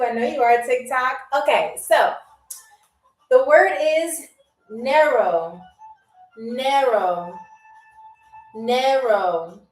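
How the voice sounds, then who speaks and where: High-voiced playful woman hosting a stream. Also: roomy sound, recorded from a distance, rough recording. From New York. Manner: playful, chatty, reads out viewer comments. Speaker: game show host. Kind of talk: live-stream game show hosting.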